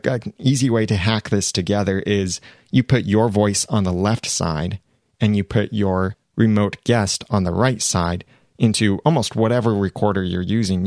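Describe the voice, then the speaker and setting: A man's voice: fairly low pitch, darkish tone, no echo. A man who hosts podcasts explaining production mistakes in a practical, step-by-step way from his podcast studio. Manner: practical, explanatory, speaks in clear points. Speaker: podcast host giving production tips. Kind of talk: instructional talk to camera.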